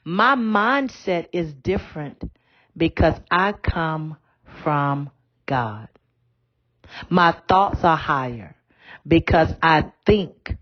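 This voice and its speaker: A woman's voice: deep voice, highs cut off. A woman bishop giving a podcast sermon in a conversational, down-to-earth way.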